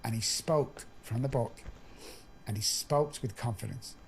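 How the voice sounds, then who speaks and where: A man's voice: medium pitch, measured pace, vocal fry, a little hiss or hum. A middle-aged man, a podcast guest, telling his own story candidly and earthily, acting out the dialogue.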